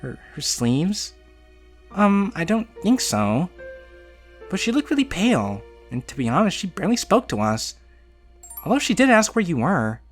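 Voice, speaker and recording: A man's voice: high-pitched, huge pitch swings, moderate pace, faint music behind, voice pushed up. A man doing a hesitant schoolgirl friend. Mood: puzzled.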